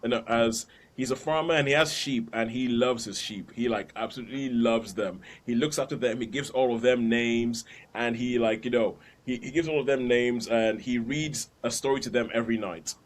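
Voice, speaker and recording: A man's voice: mid-range voice, moderate pace, few pauses. A man hosting a podcast, chatting casually about films and laughing between points. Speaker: podcast host. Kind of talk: casual film review chat.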